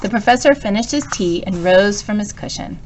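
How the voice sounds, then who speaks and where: A woman narrating a children's story, reading aloud in a calm, even manner. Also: mid-range voice, brisk, a little hiss or hum. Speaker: storybook reader.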